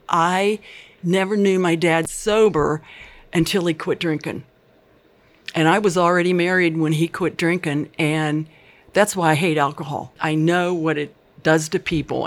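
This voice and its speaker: An older woman recounts her life in an interview. She talks in an earnest, chatty way and acts out the dialogue of the people in her stories. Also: low voice. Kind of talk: personal life story.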